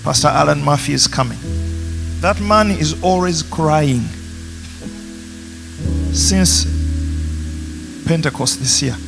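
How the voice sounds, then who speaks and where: A pastor with a Ugandan accent preaching a passionate sermon in a church, rising to emphatic peaks. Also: male voice, fairly high pitch, slow pace, creaky, pauses often. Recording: music playing behind.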